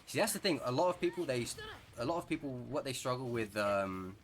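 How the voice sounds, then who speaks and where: A young man with an English accent giving chatty, excitable gameplay commentary, rambling and correcting himself as he plays. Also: mid-range voice, a little fast. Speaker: gaming streamer.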